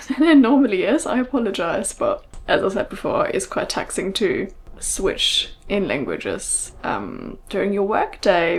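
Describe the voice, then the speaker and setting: A woman's voice: mid-range voice, slight background noise. Woman, young adult, German accent, casual home vlog, chatty, filler words. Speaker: vlogger. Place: home in London.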